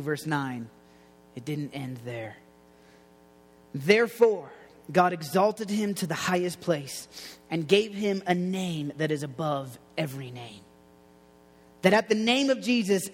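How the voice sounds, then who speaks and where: A man preaching a casual sermon in a loose, slangy way, going soft and low on quoted lines. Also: big-room sound. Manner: conversational, slangy, drops quiet for quoted lines.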